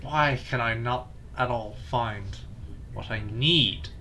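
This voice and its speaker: A man's voice: medium pitch, slow pace, pushed and bright, a little hiss or hum. A man streaming a video game, chatting casually with friends and muttering self-deprecating jokes while he searches. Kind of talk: casual gameplay commentary with friends.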